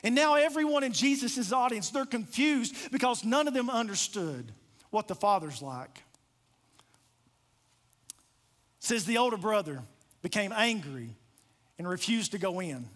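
A man's voice: high voice, expressive, measured pace, pauses often, fairly bright tone. A man preaching a sermon, retelling a parable with passionate storytelling and direct appeals. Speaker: pastor.

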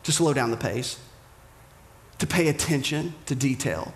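A man preaching a sermon as pastor, animated, dropping to hushed whispers and rising to shouted emphasis. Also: mid-range voice, measured pace, roomy sound.

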